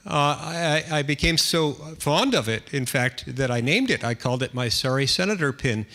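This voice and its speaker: A man's voice: fairly high pitch, animated, normal speed, bright, forceful tone. A middle-aged American man, a senator, telling a self-deprecating anecdote in a speech, with dry humor and frequent restarts. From United States.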